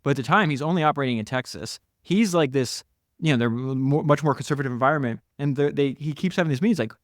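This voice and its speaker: A man hosting a solo podcast, talking enthusiastically through book passages with frequent laughs and quick asides. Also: mid-range voice, no echo, studio quality. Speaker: podcast host.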